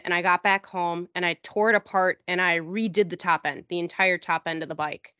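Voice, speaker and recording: A woman chatting on a podcast, telling a rambling story and jumping up in pitch when she acts out what others said. The sound is dry with no room at all. The audio is dull and a bit lo-fi. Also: steady tone, a little fast, hardly any pauses, sharp tone, clean tone, dry recording. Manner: rambling, acts out quoted people in a higher voice. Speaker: podcast host. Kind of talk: casual storytelling chat.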